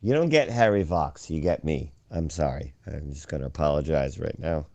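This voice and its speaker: A man hosting a profane conspiracy chat show, ranting and swearing, now and then shouting mockery. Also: extremely low pitch, normal speed, no echo. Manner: ranting, swears a lot, swings loud and mocking.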